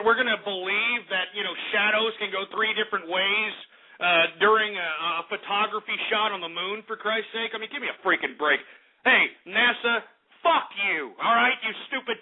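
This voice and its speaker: A man's voice: high-pitched, normal speed. A man hosting a call-in radio show, ranting angrily and swearing at callers. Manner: angry, profane, heckles callers. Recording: tinny phone-like radio audio.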